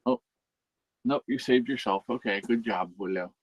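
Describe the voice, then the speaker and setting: A man's voice: medium pitch, normal speed, husky, no room sound, muffled recording. A man hosting a casual livestream, chatting and cooing fondly at his cats. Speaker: livestream host.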